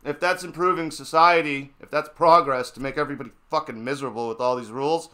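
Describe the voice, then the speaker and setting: A man's voice: fairly high pitch, steady tone, quick pace, bright, forceful tone. A man in a casual political chat, ranting and swearing, mocking the people around him. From New England. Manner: ranting, profane, mocking voices. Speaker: stream co-host.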